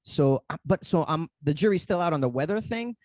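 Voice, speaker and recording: A man's voice: fairly high pitch, expressive, a little fast, a little mellow, dry recording. A man, a comedian guest on a podcast, telling rambling stories that he corrects as he goes. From Boston area. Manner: rambling, self-correcting storyteller. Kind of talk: casual podcast chat.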